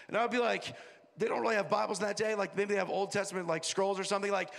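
A high-voiced man preaching in a reverberant hall, his voice rough with a gravelly edge. He moves between quiet, joking asides and shouted rallying calls. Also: rapid-fire. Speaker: pastor. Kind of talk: sermon.

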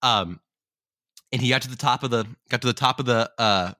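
Bright-voiced man telling a story. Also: mid-range voice, fairly quick, dry recording, clean studio sound. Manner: rambling, self-correcting. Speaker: podcast co-host. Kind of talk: casual storytelling.

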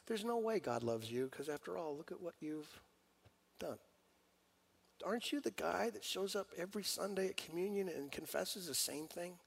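A man voicing a hushed, taunting devil. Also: high voice, lively intonation, moderate pace, vocal fry, breathy edge, exaggerated voice. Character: taunting male devil whispering doubts.

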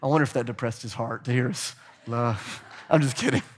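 A middle-aged man preaching a sermon as pastor, animated and urging the congregation to join in. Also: medium pitch, fairly quick.

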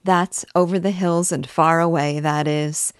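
Woman reading a soft-hearted old gentleman, homely talk, low voice, dry sound. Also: fairly even intonation, unhurried, smooth, no echo. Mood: fond. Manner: homely, reminiscing.

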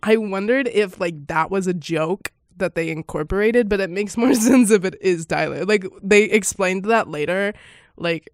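A woman's voice: mid-range voice, normal speed, dry recording, clean studio sound. A woman hosting a casual podcast, reacting to a film in a chatty, giggly way, often laughing and exclaiming in surprise. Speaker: podcast host.

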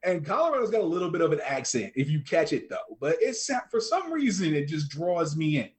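A man's voice: on the high side, very animated, a little fast. Chatty easygoing male podcast guest. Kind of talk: casual podcast chat.

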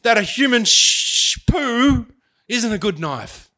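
Bright-voiced swearing bloke. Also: male voice, extremely high pitch, very animated, slow. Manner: swearing, joking, reads out study findings. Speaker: podcast co-host. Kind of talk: casual podcast banter.

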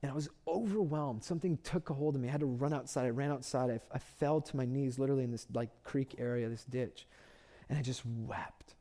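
Impassioned pastor with a mellow voice. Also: male voice, medium pitch, fairly quick. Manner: impassioned storytelling, repeats phrases for emphasis. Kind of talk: sermon.

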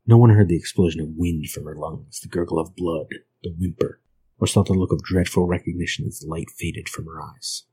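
A man reading a grim old folk tale aloud in a measured, grave manner. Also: sits low, dark tone, breathy edge, rough recording. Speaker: narrator.

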